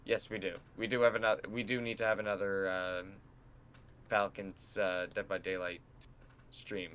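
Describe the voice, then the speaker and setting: A young man co-hosting a casual podcast, telling animated stories, acting out quotes and swearing freely. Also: sits low, moderate pace, clear, resonant tone. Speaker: podcast co-host and streamer. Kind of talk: casual chat.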